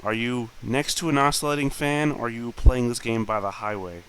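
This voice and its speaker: A man's voice: mid-range voice, steady tone, fairly quick, a bit bright, rough recording. A man from the United States chatting casually during a game, asking teasing, joking questions. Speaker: player.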